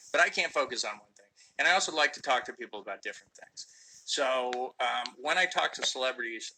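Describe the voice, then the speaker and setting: A middle-aged actor chatting casually on a phone live stream, answering fan questions with lots of ums and restarts. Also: male voice, mid-range voice, bright, forceful tone, low-quality recording. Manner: rambling, many fillers and restarts.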